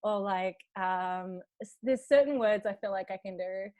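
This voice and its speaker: A woman with an Australian accent, chatting as a podcast guest in a lively, animated way, swearing freely and laughing often. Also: medium pitch, a little slow, dry recording. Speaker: podcast guest, film director. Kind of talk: casual chat. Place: family home, remote call.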